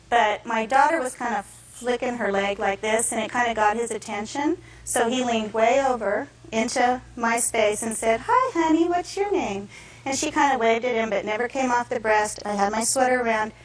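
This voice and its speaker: A woman defendant giving courtroom testimony, retelling events in an animated way and acting out the quotes. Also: on the high side, slight background noise. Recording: echoey courtroom from far off.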